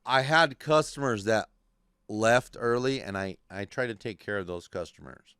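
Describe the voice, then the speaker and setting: A man hosting a podcast, telling a story in animated, profane, casual talk and acting out the voices of people in it. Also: lowish voice, normal speed, smooth, dry recording, clean studio sound. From California. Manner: animated, swears constantly, acts out voices in his stories. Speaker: podcast host. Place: podcast studio.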